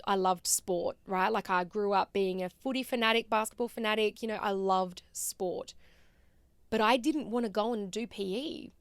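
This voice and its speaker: A woman's voice: medium pitch, no room sound. Chatty Australian woman in her thirties. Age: 30s. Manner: chatty, animated, frequent fillers and laughs. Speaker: podcast host. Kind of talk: casual personal storytelling.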